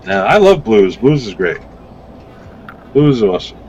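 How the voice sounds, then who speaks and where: A man on a podcast as a guest vape reviewer, rambling through casual stories with lively acted-out quotes and some swearing. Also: on the low side, normal speed, lo-fi sound, slight background noise. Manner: rambling, animated storytelling with swearing.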